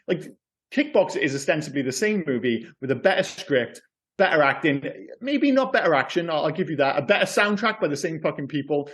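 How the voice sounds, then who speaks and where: Ranting man, slightly high voice. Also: brisk. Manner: animated, swears often, goes off on rants. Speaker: podcast co-host. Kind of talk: casual movie chat.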